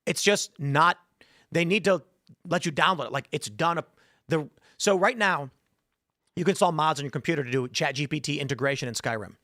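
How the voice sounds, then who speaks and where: A podcast host with a sharp, somewhat high voice talks a little fast, arguing his point in a casual, combative back-and-forth and frequently interrupting. The studio-quality recording has no room sound.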